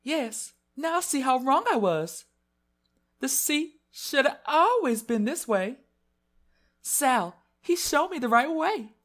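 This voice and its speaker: A man voicing a gentle young sea-witch girl, speaking sweetly and dreamily in a put-on American Southern accent. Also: extremely high pitch, big pitch swings, slow, pitched above the performer's own voice, full character voice. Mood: eerily sweet. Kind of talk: let's-play voice acting.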